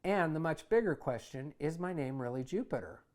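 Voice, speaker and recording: A man who hosts a show, reading his own memoir aloud in a conversational, wry way that gets animated in heated passages. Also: a little high, moderate pace. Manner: conversational, wry, animated when retelling anger. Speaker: author and host.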